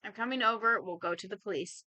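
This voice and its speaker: A woman's voice: mid-range voice, fast talker, pushed and bright, dry recording, lightly acted. Woman as a chatty, teasing best friend. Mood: worried.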